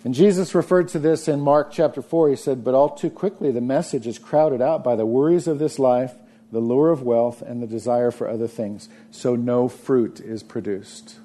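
A man preaching a sermon, earnest, often dropping to a soft murmur for emphasis. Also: medium pitch, moderate pace. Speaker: pastor.

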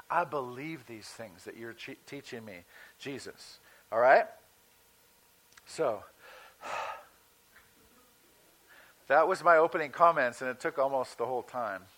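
A male pastor giving a sermon in a conversational teaching manner, slowing down to stress key words. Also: mid-range voice, a bit bright, rough recording.

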